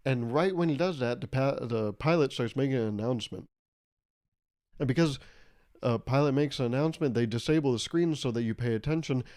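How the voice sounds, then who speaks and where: A man's voice: mid-range voice, fairly quick, darkish tone. Young male podcast host, rambling comic monologue, swears freely. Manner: rambling, joking, laughs often, swears. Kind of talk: casual solo podcast monologue.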